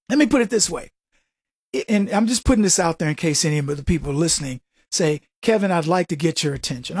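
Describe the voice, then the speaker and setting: A man's voice: sits high, a little mellow, no room sound. Combative male radio host, dry sound. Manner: combative, rhetorical questions. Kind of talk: political commentary monologue.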